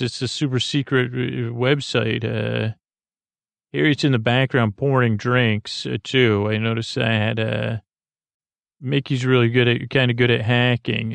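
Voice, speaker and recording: A man hosting a bedtime podcast, retelling a TV episode in a meandering, halting way full of ums and restarts. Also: vocal fry, no room sound. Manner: low-key, unhurried. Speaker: podcast host.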